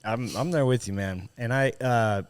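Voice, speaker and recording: A man hosting a podcast, telling a personal story in casual, profane, animated conversation. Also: mid-range voice, normal speed, clear, resonant tone. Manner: profane, animated when retelling a confrontation. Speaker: podcast host.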